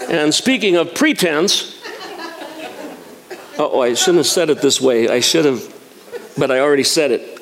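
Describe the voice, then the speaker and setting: A man's voice: on the high side, fairly bright tone. A man in his sixties preaching a sermon in a folksy, self-mocking way, chuckling at his own jokes.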